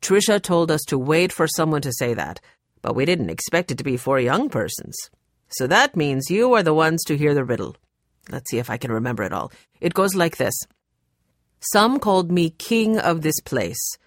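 Storybook gallery owner, adult man, cautious, slow recitation, woman voicing, low pitch. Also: big pitch swings, no echo, clean studio sound. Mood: deliberate.

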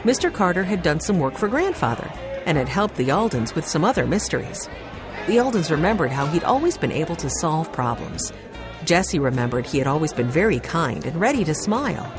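Woman, audiobook narrator, low pitch, expressive, music bed. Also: normal speed. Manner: calm, even storytelling delivery. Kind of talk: scripted narration of a children's mystery. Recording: background music under narration.

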